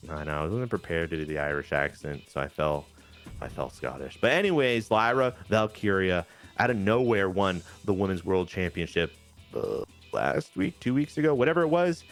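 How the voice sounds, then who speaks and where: A man with a fairly low voice tells a joking, animated play-by-play of wrestling game matches. Faint music plays behind him while he talks. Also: moderate pace. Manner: animated, jokey play-by-play storytelling. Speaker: co-host recapping a wrestling game. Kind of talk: casual gaming chat.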